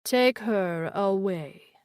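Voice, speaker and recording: A woman voicing cold, menacing alien women who speak as one, in a slow, imperious, chilling way. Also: mid-range voice, a little mellow, smooth, dry recording, studio quality, voice pushed down. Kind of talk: audiobook character voice.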